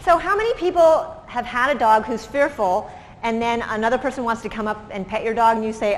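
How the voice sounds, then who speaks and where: A woman's voice: high-pitched, moderate pace. A woman giving a presentation, explaining in a conversational way with examples. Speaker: lecturer. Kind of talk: presentation talk. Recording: reverberant hall, faint background noise.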